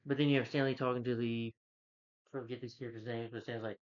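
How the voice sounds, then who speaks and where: A man's voice: mid-range voice, little pitch movement, quick pace. A man casually recapping a movie plot, rambling and filling with "like" and "you know.". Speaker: movie reviewer. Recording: dull lo-fi recording.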